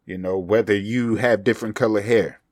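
A man's voice: lowish voice, fairly even intonation, normal speed, darkish tone, no echo, studio quality. A young man hosting his own podcast, talking loosely and profanely in a rambling, self-mocking way, with a slight speech impediment. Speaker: podcast host. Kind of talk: casual solo podcast monologue.

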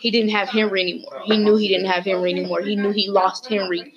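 A woman's voice: medium pitch, flat delivery, fast talker, dull audio, a crowd in the background. A woman casually retelling a story as a student podcast host, rambling with lots of fillers and restarts.

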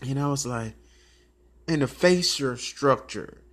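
A man's voice: medium pitch, slow pace. A man with a Memphis Southern accent hosting a talk show, telling stories in a rambling, profane, casual monologue. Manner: rambling, animated storytelling with profanity and laughs.

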